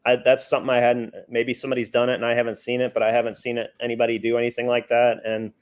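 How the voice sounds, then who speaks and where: A man talking casually as a guest on a video-call livestream, easygoing and hesitant with many pauses. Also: mid-range voice, monotone. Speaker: haunt prop builder guest.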